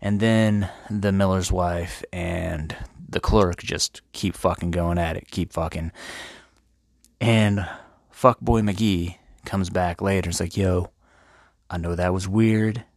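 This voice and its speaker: A man's voice: deep voice, steady tone, slow, vocal fry, no room sound, studio quality. A man hosting an irreverent, profanity-heavy comedic retelling of a classic tale. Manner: profane, irreverent, laid-back. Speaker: host.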